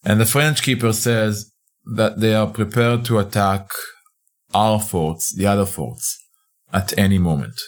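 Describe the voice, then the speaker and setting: A man's voice: on the low side, a little slow. A man narrating a fiction podcast in the first person, speaking in a conversational, hesitant way with frequent restarts.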